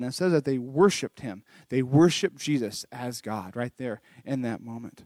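A man's voice: mid-range voice, expressive, a little slow, a little mellow, no echo. A man leading a children's church lesson from home, retelling a Bible story in an earnest, conversational way with frequent restarts. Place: home recording during lockdown.

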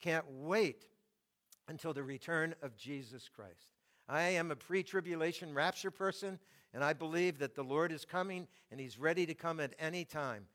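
An older male preacher delivers a sermon in a slightly high voice. He reads scripture aloud and slows down to lean on the phrases that matter most. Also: a bit bright. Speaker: pastor.

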